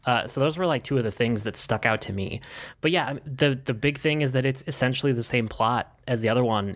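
A man co-hosting a casual movie review podcast, chatting in a relaxed way with plenty of fillers. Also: mid-range voice. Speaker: podcast co-host.

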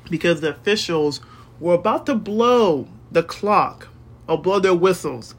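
A man recapping a football game in a casual, excitable way, swearing and ranting about the calls. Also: sits high. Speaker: sports podcaster.

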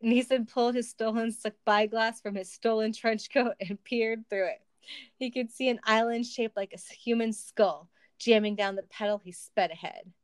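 A woman reads a silly adventure story aloud in an amused way to someone on a call. Her voice is smooth and clear at a middling pitch. The sound is dry and close. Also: steady tone, moderate pace, no room sound. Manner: amused, laughs while reading. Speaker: story reader. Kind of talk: comedic reading of a silly story. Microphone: call with a listener.

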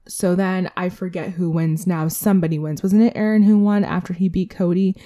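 Dark-voiced chatty woman podcaster. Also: on the low side, steady tone, brisk. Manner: chatty, candid, with swearing and self-aside. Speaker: podcast host. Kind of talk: casual solo podcast recap.

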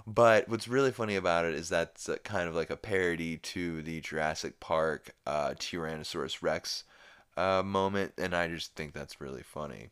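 A man's voice: sits low, normal speed, a bit bright, clean tone. A man hosting a podcast, recapping a cartoon episode in a rambling, profane, laid-back way. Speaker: podcast host.

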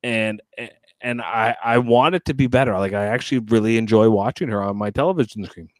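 A man in casual podcast chat, recapping a reality show and mocking contestants with squeaky impressions. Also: brisk, no echo.

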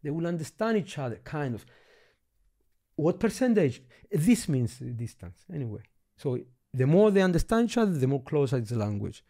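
Give me a male teacher with a warm, darker tone who halts, repeats himself and lets phrases drop away. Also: fairly high pitch, sing-song, normal speed. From Cyprus. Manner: stammering restarts, trails off softly. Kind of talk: explaining linguistics in conversation.

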